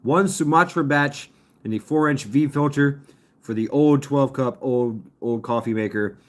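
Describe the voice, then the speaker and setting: Here a man hosts a stream, chatting loosely with viewers and chuckling a lot as fireworks go off outside. His voice is medium in pitch, at a measured pace.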